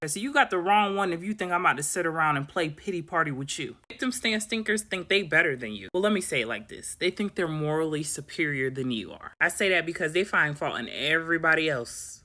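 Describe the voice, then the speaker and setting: A woman's voice: low voice, animated, fairly quick, hardly any pauses, sharp tone. A woman giving a sassy, blunt motivational monologue as a vlogger. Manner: sassy, preachy, slangy.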